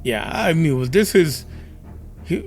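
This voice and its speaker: A man's voice: fairly high pitch, animated, measured pace. A man co-hosting a podcast in casual chat, animatedly retelling movie scenes and doing the characters' voices. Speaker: podcast co-host.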